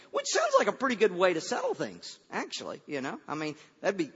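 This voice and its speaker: A man's voice: sits high, huge pitch swings, a little fast, hardly any pauses, fairly bright tone, slightly rough, big-room sound, muffled recording. A man preaching a sermon to a room of listeners, telling a story conversationally with many stammers and restarts.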